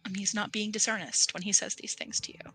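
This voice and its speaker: A woman's voice: medium pitch, fairly even intonation, quick pace, sharp tone, low-quality recording. A woman running a tabletop game as game master, narrating unhurriedly with many filler ums.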